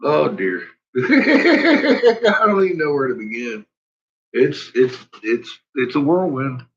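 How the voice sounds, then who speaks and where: Swearing ranting man, husky and bright. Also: a little high, sing-song, takes it slowly. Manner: heavy swearing, laughs often. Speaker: vlogger. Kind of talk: casual profane rant. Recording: dull lo-fi recording.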